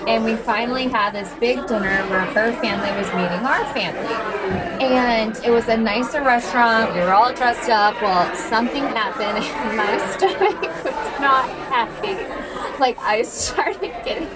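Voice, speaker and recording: Woman guest, high voice, animated laughing storyteller, busy room noise. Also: normal speed, a loud crowd, rough recording. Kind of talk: casual chat. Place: beauty lounge.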